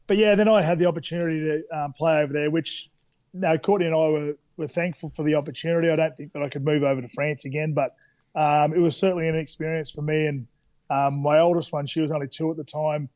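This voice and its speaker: A man's voice: a little high, quick pace, dry recording. A man in his thirties with an Australian accent, a guest telling candid stories in a casual interview, full of fillers and restarts. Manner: relaxed, candid anecdotes with many fillers. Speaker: podcast guest.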